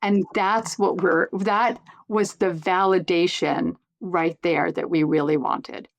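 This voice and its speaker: A woman's voice: fairly low pitch, fairly even intonation, slow, gravelly. A woman guest in an interview who speaks earnestly and encourages listeners directly. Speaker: sports media executive, guest. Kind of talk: conversational interview.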